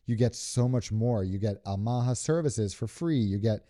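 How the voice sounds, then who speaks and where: New york guy co-hosting, chatty, lowish dark voice. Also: moderate pace. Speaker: podcast co-host. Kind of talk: casual chat. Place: room in Doha, recorded together in person.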